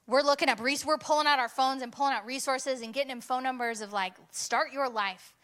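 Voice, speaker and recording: A young woman preaching a sermon, telling a personal story in an animated way and rising to bursts of intensity. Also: high-pitched, brisk.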